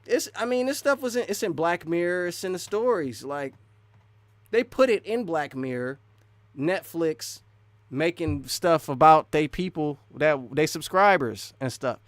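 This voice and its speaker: A man chats with viewers on his laid-back live stream, wandering from point to point, frequently starting sentences over and laughing between ideas. His slightly high voice is expressive and measured, recorded with no echo.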